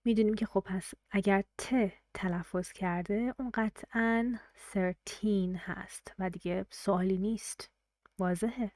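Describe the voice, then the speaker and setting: A woman teaching English pronunciation in a recorded lesson. She explains patiently and repeats example sentences slowly. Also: medium pitch, fairly even intonation, a little mellow, no room sound, clean studio sound. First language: Persian.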